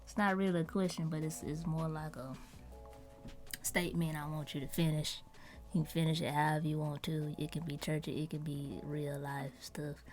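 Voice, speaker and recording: Woman, slight raspy voice, playful teasing, faint music behind. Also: low voice, level tone, moderate pace, darkish tone. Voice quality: slight rasp. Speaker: podcast host, sibling. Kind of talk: casual chat.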